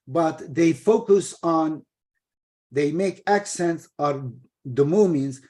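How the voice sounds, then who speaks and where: Man with a turkish first language, kinda high voice, explaining scripture, lots of uhs and restarts. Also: a little mellow. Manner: explanatory, halting with fillers and restarts. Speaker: teacher of scripture translation. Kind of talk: informal study session.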